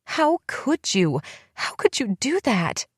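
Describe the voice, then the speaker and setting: A woman reading the part of a distraught young woman who shouts tearful accusations at her sister in an audiobook. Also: a little high, sing-song, takes it slowly, husky, dry recording, clean studio sound, voice pushed up, exaggerated voice. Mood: tearful, accusing.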